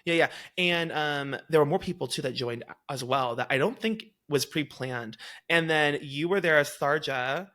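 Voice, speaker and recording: A man's voice: a little high, moderate pace, bright, forceful tone. A chatty man hosting a casual podcast, giggly and tripping over his words, with an accent mixing Valley girl and New York speech. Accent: mix of Valley girl and New York. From Texas. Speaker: podcast host.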